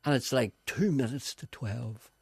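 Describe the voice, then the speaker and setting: A man's voice: mid-range voice, unhurried, gravelly, slightly rough, no echo, studio quality. A man presenting a radio show and telling anecdotes in a chatty way, acting out the voices of the people in his stories. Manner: animated, acts out voices in anecdotes.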